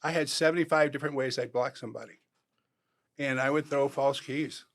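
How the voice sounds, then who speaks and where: Animated older man telling stories. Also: medium pitch, fairly quick. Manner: animated storyteller acting out quotes. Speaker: guest, former pro football player. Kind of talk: storytelling in a podcast interview.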